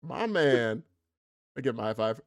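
A man playing a tabletop game, excitable and stammering. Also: medium pitch, moderate pace, dry recording, studio quality. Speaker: player. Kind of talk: casual tabletop game play.

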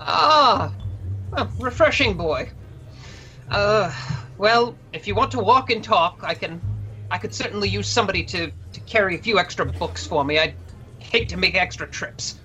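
A woman's voice: mid-range voice, animated, normal speed, pushed and bright, dull audio, soft background music. Woman voicing a weary, haughty half-elven duke. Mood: brisk. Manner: dry, formal and slightly haughty. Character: weary, fussy half-elven male duke, thorough bureaucrat. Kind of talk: tabletop role-play voicing.

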